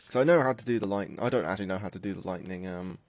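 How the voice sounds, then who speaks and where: A man's voice: deep voice, rapid-fire, a crowd in the background. Rambling male gameplay commentator. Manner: rambling, chatty, self-mocking. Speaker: gaming commentator.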